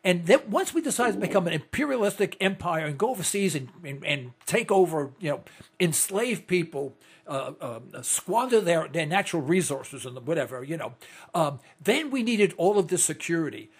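Husky, impassioned man in his sixties. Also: fairly high pitch, big pitch swings, normal speed. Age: 60s. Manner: impassioned, rambling, indignant. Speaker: radio talk show host. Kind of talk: opinionated talk radio monologue.

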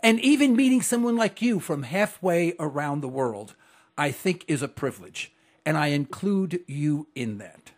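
A middle-aged man from New York hosting a call-in radio talk show, speaking formally, slowly and deliberately. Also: on the high side, lively intonation.

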